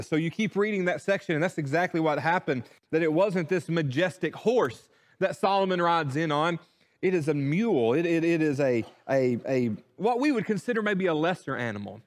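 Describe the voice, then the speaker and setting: A man preaching a sermon, animated, repeating words as he restarts his thoughts. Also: fairly high pitch, normal speed. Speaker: pastor.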